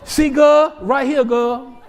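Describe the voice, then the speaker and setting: A male pastor preaching a sermon to his congregation, repeating phrases, shouting out points and joking with the crowd. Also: extremely high pitch, fairly even intonation, slow pace, big-room sound, slight background noise. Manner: preaching with shouts, repetitions and humor. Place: church sanctuary.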